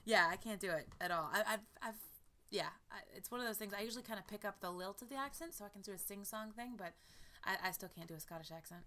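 A woman's voice: medium pitch, fast, pushed and bright. A woman from the American South, a touring performer, chatting eagerly as a guest with lots of restarts. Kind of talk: casual conversation.

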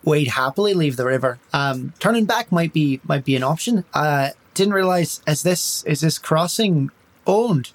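A man's voice: animated, normal speed. A man putting on a sly Irish elf bard. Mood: placating. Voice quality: lilting, wheedling, pitch rising when pressed. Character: fast-talking male elf bard, smooth and evasive. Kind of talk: tabletop role-play in character.

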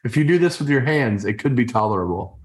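A middle-aged man chatting over a video call in a playful, joking way, often stopping and restarting his sentences. His voice sits at an ordinary pitch for a man. The room around him rings with a noticeable echo. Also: expressive, fast. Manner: playful, joking, stop-and-start. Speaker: podcast co-host. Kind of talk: casual chat.

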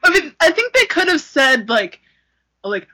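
A woman co-hosting a casual podcast chat, exasperated and quick to laugh. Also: high-pitched, sing-song, pushed and bright, no echo. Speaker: podcast co-host.

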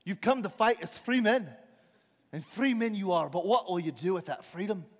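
A man's voice: high-pitched, moderate pace. A man reciting, as a rebel warlord, a stirring battle speech to his troops with emphatic delivery. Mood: rousing. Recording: reverberant large hall.

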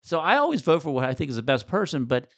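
A man's voice: fairly high pitch, highs cut off. A middle-aged man from Maryland, a former state senator, talking animatedly in a casual political conversation, with many restarts. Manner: animated, talks fast, with frequent restarts.

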